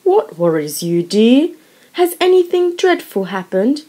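A woman's voice: on the high side, very animated, measured pace, darkish tone. A woman reading an audiobook, voicing an anxious young husband who speaks in an urgent, reassuring way. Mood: coaxing. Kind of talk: audiobook character voice.

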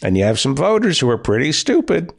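A middle-aged man hosting a comedy podcast, lecturing in a wry, animated way. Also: fairly high pitch, a little fast, creaky. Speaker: podcast host.

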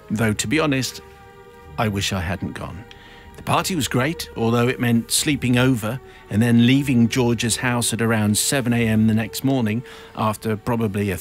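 A man hosting a radio show, reading out a listener's confession in a wry storytelling manner with chuckles, then chatting in the studio. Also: mid-range voice. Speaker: radio host. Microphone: studio microphone.

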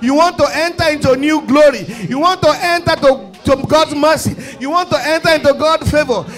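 A man with a Nigerian accent leading a fervent prayer sermon, often shouting and repeating his calls to the congregation. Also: very high-pitched, fairly quick, faint music behind. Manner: impassioned, often shouting, repetitive exhortations. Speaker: pastor. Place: church service.

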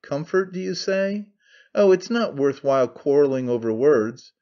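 A man's voice: on the high side, animated, normal speed, dark tone, highs cut off. A man reading a gloomy, brooding idealist. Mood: earnest. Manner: muttering, grave, curt. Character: gloomy brooding male idealist, intense and curt. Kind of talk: audiobook character reading.

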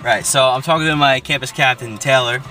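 A man's voice: mid-range voice, brisk. A young man talking casually in a vlog, blunt and profane, with plenty of fillers. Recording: distant mic with loud traffic noise.

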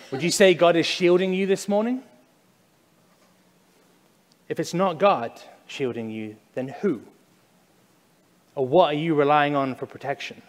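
A man preaching a sermon in a church, speaking conversationally, at times acting out loud cries and then dropping to a hushed, slow emphasis. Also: fairly high pitch. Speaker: pastor. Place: church sanctuary. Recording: long church reverb.

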